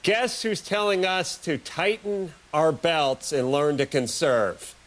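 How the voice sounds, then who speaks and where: Brief: male talk-show host, higher voice, dry sarcastic comic rambles. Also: slow, a little hiss or hum. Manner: sarcastic, rambling, deadpan jokes. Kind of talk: comic monologue.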